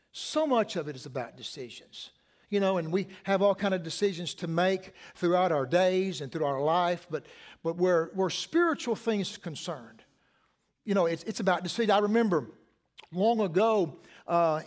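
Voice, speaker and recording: Man, pastor preaching, high-pitched voice, repeats himself, questions to the congregation. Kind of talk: sermon.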